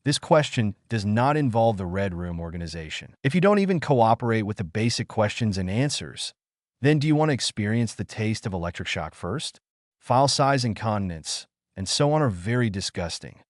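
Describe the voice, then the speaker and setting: A cold, self-assured young soldier, read by a man in a low voice. He speaks calmly and steadily, dry and close, with a lively lift to his lines. Audiobook fiction. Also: moderate pace, no echo, close to an everyday voice.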